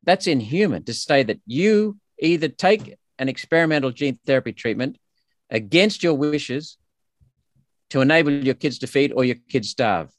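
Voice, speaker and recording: A man's voice: medium pitch, expressive, moderate pace, no room sound, clean studio sound. An Australian man speaking as a politician guest in a podcast interview, emphatic and indignant with frequent restarts.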